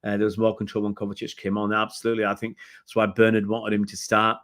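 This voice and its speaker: Man, middle-aged, lowish voice, chatty, rambling, casual live-stream review host, replies to viewer comments. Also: completely flat delivery, fast, a bit bright. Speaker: football fan channel host.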